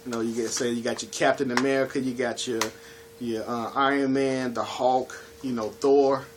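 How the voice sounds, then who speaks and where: A man's voice: mid-range voice, flat delivery, normal speed, a little hiss or hum. A man casually talking through his movie collection in a laid-back, chatty way, often asking "you know what I'm saying.". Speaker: home video collection reviewer. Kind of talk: casual video review.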